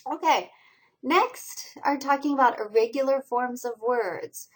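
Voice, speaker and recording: A woman with a voice that sits high records a lecture over slides on college reading skills. She explains pronunciation by slowly, deliberately stressing each syllable, and the recording is rough.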